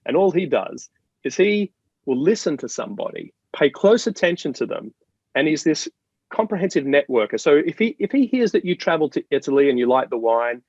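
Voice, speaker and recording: A man from Australia, a guest in an interview, explaining ideas in an animated, storytelling way with many restarts. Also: on the high side, brisk, no echo, muffled recording. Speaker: marketing guest. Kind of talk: interview conversation.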